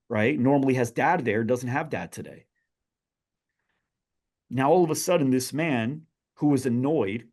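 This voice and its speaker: A man guesting on a podcast, telling a parable in an animated way and asking his listeners questions. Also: medium pitch, breathy edge. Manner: animated storyteller who addresses his listeners directly. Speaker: guest, business author. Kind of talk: podcast storytelling.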